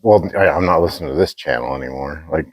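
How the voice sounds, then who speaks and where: A podcast co-host with a very deep, breathy voice tells a rambling, profane story in casual chat, talking fast. The recording is dry.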